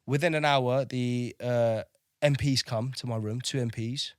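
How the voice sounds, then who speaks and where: A man's voice: mid-range voice, steady tone, unhurried, no room sound, clean studio sound. A man telling his service story candidly, swearing freely and often asking "do you know what I mean". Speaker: podcast guest, navy veteran.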